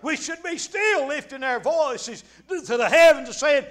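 A man preaching a fervent revival sermon, dropping frequent amens and breaking into shouts. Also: very high voice, expressive, moderate pace.

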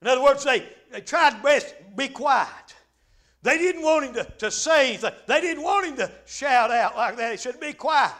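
A man preaching a fervent revival sermon, dropping frequent amens and breaking into shouts. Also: extremely high pitch, animated, fairly quick, hardly any pauses.

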